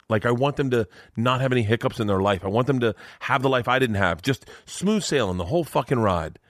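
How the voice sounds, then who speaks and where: A middle-aged man with a low voice tells a rambling story in casual chat, jumping into the voices of the people in it. The sound is dry and close, with no room around it. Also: quick pace, few pauses, no echo. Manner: animated storyteller, acts out quotes in raised voices. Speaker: guest comedian.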